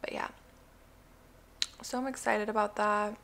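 A woman's voice: mid-range voice, level tone, a little slow, vocal fry, fairly bright tone. A young woman and new mother chatting casually to her phone camera, rambling with plenty of likes and ums and a blunt streak.

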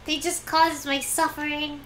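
High, bright-voiced woman game streamer. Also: little pitch movement, a little slow, slight background noise. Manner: whiny, pleading, talks to herself about her moves. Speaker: VTuber streamer. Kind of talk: casual game-stream commentary.

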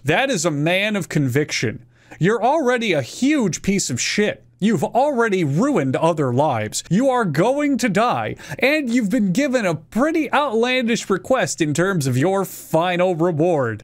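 High-voiced ranting man. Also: very animated, measured pace. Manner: ranting, profane, sarcastic. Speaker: YouTube host. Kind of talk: comedic commentary.

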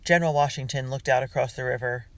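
A man's voice: medium pitch, steady tone, fast, fairly bright tone, dry recording. A man narrating a children's adventure story, reading steadily with small slips and restarts. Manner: reads with small slips and restarts, voicing characters. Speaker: audiobook narrator. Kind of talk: scripted narration.

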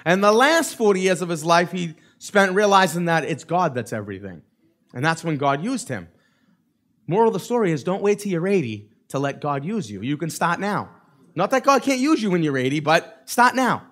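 A man with a notably high voice, preaching to his congregation with lively energy. He slips into the voices of the people in his story and keeps asking okay and right. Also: normal speed. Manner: animated, acts out quoted voices of the crowd. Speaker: pastor. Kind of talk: sermon.

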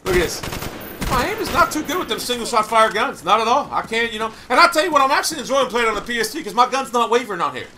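Loud hyper guy trash talking over his gameplay, super bright sharp voice, bit of hiss behind. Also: extremely high pitch, lively intonation, fast talker. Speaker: gamer. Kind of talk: gameplay commentary.

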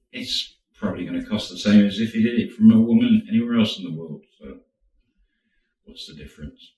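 A man casually retelling a true relationship story in a chatty, animated way. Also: low voice, highs cut off. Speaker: storyteller, channel host. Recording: roomy, distant mic.

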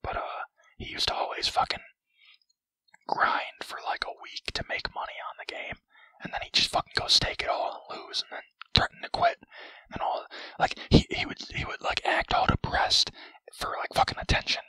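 A man's voice: moderate pace, bright, forceful tone, dry recording, natural voice, low-quality recording. A man doing whispered role-play as a greedy, grumpy male cartoon crab, commenting on his gameplay with foul-mouthed, rambling, self-mocking chatter. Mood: grumbling. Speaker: gaming commentator.

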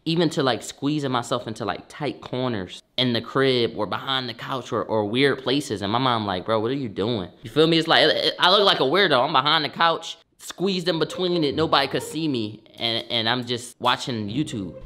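A young adult man telling a storytime vlog in a slangy, profane, animated way with sudden loud bursts. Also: medium pitch, moderate pace, few pauses. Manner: profane, conversational. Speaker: storytime vlogger.

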